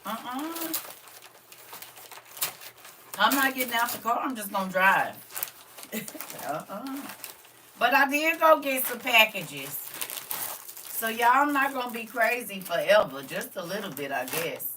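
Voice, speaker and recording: An older grandmother chats on a live stream, talking right to her viewers. Her voice is bright and a little tense. She sits a bit back from the camera mic, so she sounds slightly distant. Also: fairly high pitch, sing-song, measured pace, long pauses, a little hiss or hum. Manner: chatty, talks straight to viewers. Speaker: vlogger. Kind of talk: casual live stream chat.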